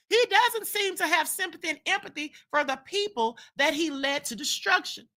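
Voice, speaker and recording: High bright preachy woman livestreamer. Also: normal speed, hardly any pauses. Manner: preachy, rhetorical questions, repeats for emphasis. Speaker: livestream host. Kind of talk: commentary livestream. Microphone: streaming setup mic.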